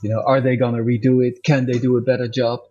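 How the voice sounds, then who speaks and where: Husky man in a rambling interview. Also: medium pitch, little pitch movement, fast, mellow. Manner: rambling, self-correcting, laughs often. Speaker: interview guest, musician. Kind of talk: casual interview chat. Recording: dull lo-fi audio with faint music.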